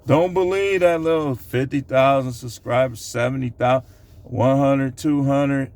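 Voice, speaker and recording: A man with a gravelly, fry-edged voice at an ordinary pitch talks straight into his own camera. He rambles casually through a countdown list, padding it with fillers and side remarks. It sounds like a home vlog monologue. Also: steady tone, measured pace, darkish tone. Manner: loose, rambling delivery with many fillers. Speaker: channel host. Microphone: camera recording himself.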